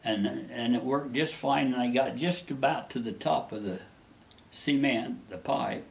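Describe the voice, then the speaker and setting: A man's voice: medium pitch, unhurried, gravelly. A man being interviewed, telling a personal story in a rambling, folksy way with many restarts.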